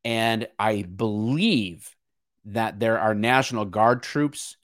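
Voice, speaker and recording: This man, a podcast co-host, talks casually about politics, earnest and searching, with frequent restarts. His voice is on the low side and his pace slow. It's recorded at studio quality, echo-free.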